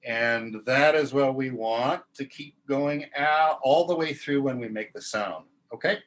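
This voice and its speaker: A man in a mid-pitched voice leads a choral warm-up, talking through breath and vowel placement and then modeling each sound. His delivery is calm and instructive, paced for a group following along. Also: unhurried. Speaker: choir teacher. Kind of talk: guided vocal warm-up lesson.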